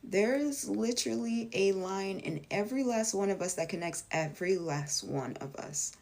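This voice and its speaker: Addressing her viewers in a loose spoken monologue, this vlogger and life coach is blunt, emphatic and freely profane, impersonating quoted voices with large pitch leaps. Her animated voice has vocal fry and a darkish tone, at a moderate pace.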